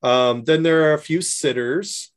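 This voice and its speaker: A man co-hosting a casual podcast chat, animated and laughing often, slipping into mocking put-on voices. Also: fairly high pitch, measured pace. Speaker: podcast co-host.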